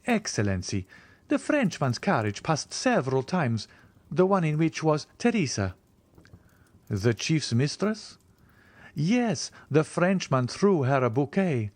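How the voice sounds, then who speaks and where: A man's voice: fairly high pitch, very animated, slow, dry recording, voice pushed up, full character voice. A man voicing an earnest, grateful young male servant in an audiobook reading, speaking eagerly and deferentially.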